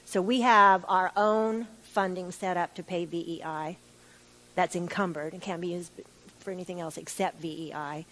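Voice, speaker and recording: A woman gives witness testimony in a formal hearing room. She answers steadily and in detail, sometimes pausing to restart a sentence. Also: fairly low pitch, fairly even intonation, fairly bright tone, poor audio. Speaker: utility staff witness.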